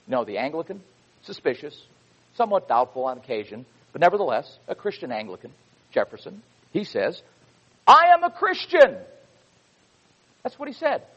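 Male preacher, emphatic sermon delivery, husky tone, slightly muffled recording. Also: medium pitch, sing-song, brisk. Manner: emphatic, reads quotations with rising fervor.

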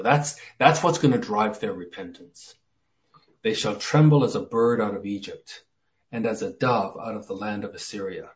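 A man preaching a verse-by-verse Bible sermon, earnest, dropping into a hush when he quotes scripture. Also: fairly low pitch, moderate pace. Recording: muffled lo-fi sermon recording.

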